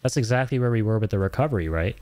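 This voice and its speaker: A man's voice: lowish voice, animated, rapid-fire, darkish tone. A man streaming a video game, joking and swearing in casual commentary and slipping in Hindi phrases. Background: game music.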